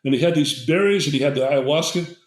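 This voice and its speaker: A man's voice: a little high, quick pace. An older man, a guest, telling a long story with many fillers and restarts. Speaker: guest herbalist. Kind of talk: storytelling in conversation. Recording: roomy echo.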